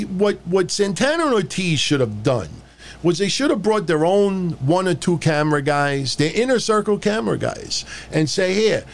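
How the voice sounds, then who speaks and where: Male podcast host, fairly high voice, animated and crude, casual rant delivery. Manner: blunt, profane, mocking, animated.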